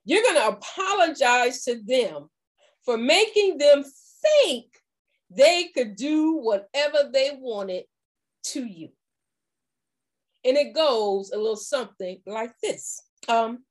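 A woman giving a faith-based motivational talk as a confidence coach, acting out little dialogues in an animated way. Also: sits high, slow pace.

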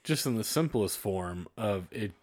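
A man's voice: on the low side, lively intonation, unhurried, darkish tone. A man in casual chat, laid-back and chiming in with short remarks.

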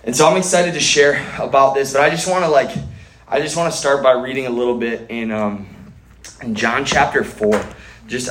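A man's voice: mid-range voice, echoey room, low-quality recording. A man preaching a sermon at a church gathering, earnest, often restarting and repeating words.

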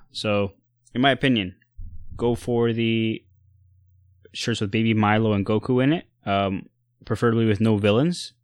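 A man co-hosting a casual chat about sneakers and streetwear, relaxed, with lots of fillers and restarts. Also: fairly low pitch, dry recording, studio quality. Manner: relaxed, many fillers and restarts, giving buying advice.

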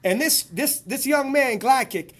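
Host who gets excited, chatty and full of quick restarts. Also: high voice. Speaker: podcast host. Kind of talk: casual interview talk.

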